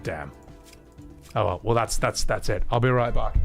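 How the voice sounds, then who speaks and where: A man streaming a game, chatting and joking with his viewers in an excitable, swearing manner. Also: fairly low pitch, moderate pace, soft background music. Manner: excitable, swearing, jokey banter with chat. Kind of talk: casual gameplay commentary.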